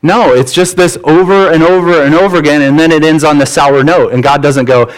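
A man's voice: on the high side, a little fast, few pauses, poor audio. A male pastor preaching a sermon in a candid, conversational way, dropping in casual slang.

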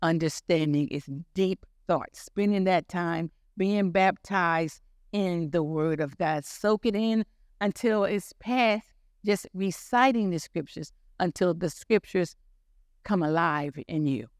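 A woman's voice: on the low side, slow pace, smooth, dry recording, studio quality. An older woman preaching a sermon, telling her own story in an earnest, repetitive way.

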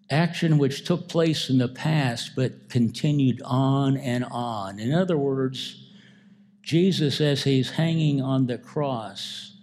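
A male pastor delivering a sermon, slow and emphatic, building through repeated phrases. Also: medium pitch, warm tone.

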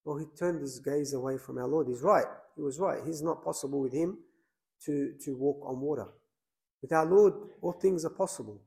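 Gravelly man preaching a plain sermon. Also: a little high, moderate pace, mellow, low-quality recording. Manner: plain, conversational preaching with many fillers and restarts. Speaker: priest.

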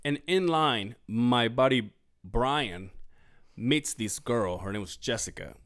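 A man's voice: mid-range voice, expressive, takes it slowly, a bit bright. A male podcast host telling a rambling, profane story in casual chat, acting out what people said and correcting himself as he goes.

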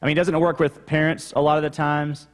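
A man's voice: on the high side, little pitch movement, fairly quick. A male pastor preaching a teaching sermon, explaining the text and repeating key points for emphasis.

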